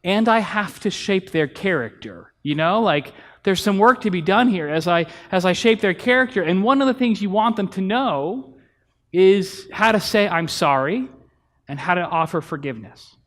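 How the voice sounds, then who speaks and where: A man's voice: high-pitched, lively intonation, normal speed. A pastor in his thirties giving a conversational sermon in a church, telling family stories and acting out bits of dialogue. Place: church sanctuary.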